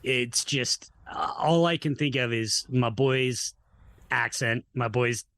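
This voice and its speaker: A man's voice: mid-range voice, slow pace, fairly bright tone, dry recording. A man guesting on a podcast, talking casually about films in a rambling, hesitant way with many fillers. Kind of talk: casual film chat.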